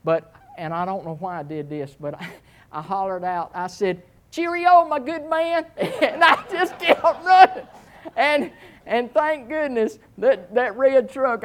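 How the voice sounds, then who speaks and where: Animated storytelling male preacher. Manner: animated storytelling with swings in pitch; self-mocking humor. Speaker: pastor. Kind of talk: sermon.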